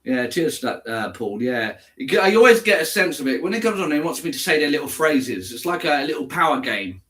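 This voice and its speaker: A man's voice: fairly high pitch, very animated, fairly quick, fairly bright tone. An English man chats casually on a live stream. He answers viewers one by one and calls them by name. He talks in an easy, conversational way. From England. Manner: chatty, answers viewers by name, switches into German. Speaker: livestreamer reading chat.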